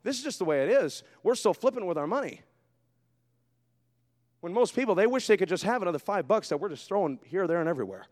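A man preaching a sermon as pastor in a church, swinging between quiet asides and shouted fervor. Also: high-pitched, lively intonation, fast talker. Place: church sanctuary. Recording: long hall reverb.

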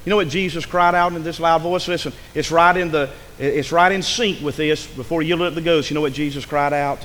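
High-voiced preacher man in a reverberant hall. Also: steady tone, brisk. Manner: dramatic preaching, swings from hushed to shouting. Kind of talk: sermon.

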